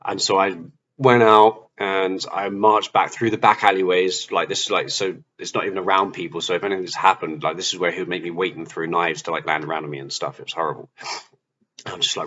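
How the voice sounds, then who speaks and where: Slightly dull audio with a faint hiss captures a man, a Christian vlogger, relating his personal testimony. He's animated, re-enacting his own past dialogue, and talks a little fast in a low-pitched voice.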